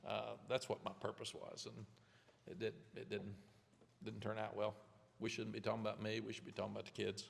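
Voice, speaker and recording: A man in his seventies, a head coach answering press questions candidly, rambling with restarts in a gravelly voice. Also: on the low side, completely flat delivery, brisk, big-room sound. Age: 70s. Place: press conference room.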